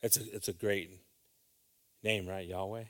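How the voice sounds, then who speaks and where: Bright-voiced fervent preacher, man. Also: mid-range voice, expressive, moderate pace. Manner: conversational, often asks the congregation "right?"; builds from quiet musing to loud, fervent exhortation. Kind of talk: informal sermon.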